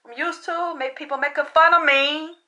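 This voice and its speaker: High, bright-voiced woman ranting profanely. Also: steady tone, moderate pace. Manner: profane, emphatic and blunt. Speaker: psychic reader. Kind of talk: unscripted ranting monologue.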